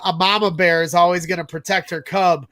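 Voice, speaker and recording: A man hosting a casual sports talk show, telling a long anecdote in an animated, rambling way. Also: sits high, fast, crowd noise. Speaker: podcast host.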